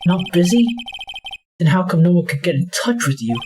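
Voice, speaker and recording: A woman's voice: fairly low pitch, expressive, normal speed, noisy background, lightly acted. A woman reading the lines of an earnest, exasperated young male defense lawyer in a game, in a near-natural voice. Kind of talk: game dialogue read aloud.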